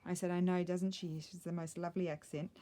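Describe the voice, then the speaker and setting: A woman's voice: fairly low pitch, little pitch movement, a little fast, dark tone. A middle-aged woman chatting casually while she crafts, thinking aloud and muttering little asides to herself. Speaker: craft vlogger.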